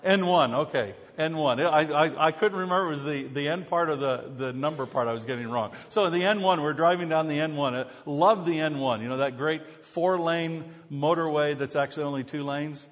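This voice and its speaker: A man's voice: a little high, fairly quick, few pauses. A man preaching a sermon as pastor, telling funny self-deprecating stories before turning to scripture. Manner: humorous storytelling with self-deprecating jokes. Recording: long hall reverb.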